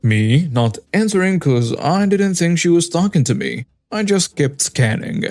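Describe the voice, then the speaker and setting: A man's voice: a little high, lively intonation, unhurried, hardly any pauses, a little mellow, dry recording. A man narrating a customer-service story in a wry, conversational way. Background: faint background music.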